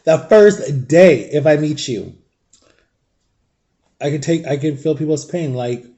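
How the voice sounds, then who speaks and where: A man's voice: on the high side, unhurried, mellow. A young adult man vlogging, telling a rambling personal story in a casual way, full of "like" and "guys". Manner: chatty, rambling, frequent "like" and "guys".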